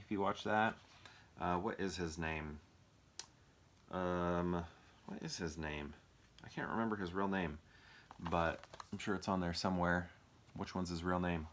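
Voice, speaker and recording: A young man with a low, deep voice talks through his movie collection in an unscripted, casual way. He rambles, trails off and restarts often, filling pauses with ums and uhs as he picks films off the shelf at home. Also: fairly bright tone, slight background noise. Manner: rambling, many fillers and restarts. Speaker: movie reviewer. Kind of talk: impromptu casual movie chat.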